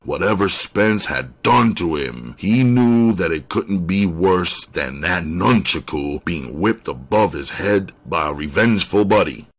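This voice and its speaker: A man narrates a crime novel in a very deep, husky voice. He reads at an unhurried, deliberate pace, letting each line settle. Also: lively intonation. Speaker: audiobook reader. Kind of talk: scripted narration.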